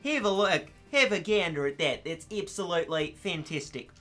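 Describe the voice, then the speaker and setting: A British man voicing an upbeat male Australian racing commentator in a put-on Australian accent, with excited commentary. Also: high voice, moderate pace, soft background music.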